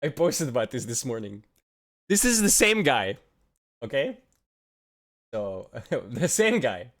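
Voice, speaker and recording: A man's voice: mid-range voice, very animated, slow pace, fairly bright tone. A young man streaming casual reaction commentary, mocking and swearing, often breaking into laughter.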